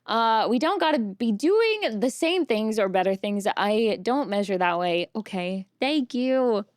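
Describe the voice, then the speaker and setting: A young woman streamer talks to her chat in a slow, unhurried way, her voice sitting a little high. She rambles softly through self-doubt, tearful, with nervous little laughs. The sound is close and dry. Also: animated, no room sound.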